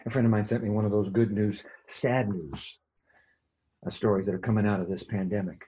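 Man preaching a sermon, husky voice, dull lo-fi sound, conversational, emphatic then hushed. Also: on the low side, fairly even intonation, fairly quick. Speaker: pastor.

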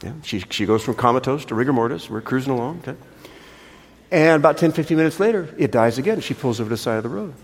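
An older man preaching a sermon, telling a story in an animated, chatty way with frequent restarts. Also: mid-range voice, quick pace, breathy edge. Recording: long reverb of a large hall.

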